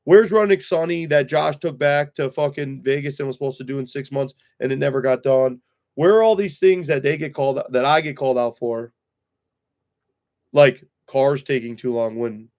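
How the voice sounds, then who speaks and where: A man's voice: mid-range voice, moderate pace, a little mellow. Blunt, profane man ranting on stream. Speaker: livestream host. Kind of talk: heated livestream chat.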